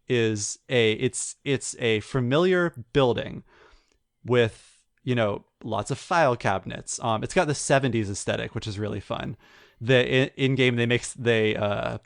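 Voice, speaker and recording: A man co-hosting a gaming podcast, recounting a video game story in a rambling, animated way. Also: mid-range voice, no echo, clean studio sound. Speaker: podcast co-host. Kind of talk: casual chat.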